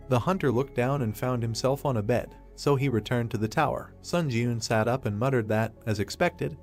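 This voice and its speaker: A man narrating a comic story recap in a steady, scripted read-aloud style. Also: mid-range voice.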